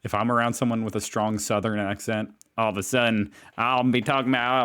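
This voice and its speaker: A man's voice: lowish voice, little pitch movement, brisk, few pauses, fairly bright tone, clean tone. A man from Indiana, casually reacting to a video and thinking aloud with hesitant restarts. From Indiana, USA.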